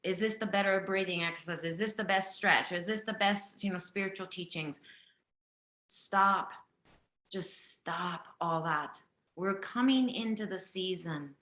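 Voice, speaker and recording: A woman breathwork teacher hosting a live online session, talking in a gentle, earnest way and often repeating herself. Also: medium pitch, normal speed, hardly any pauses, roomy sound.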